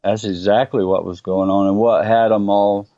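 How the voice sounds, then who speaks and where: A middle-aged man, telling his own story as a guest in earnest, halting bursts with many pauses. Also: lowish voice, little pitch movement, warm tone, dry recording, lo-fi sound. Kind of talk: personal storytelling interview.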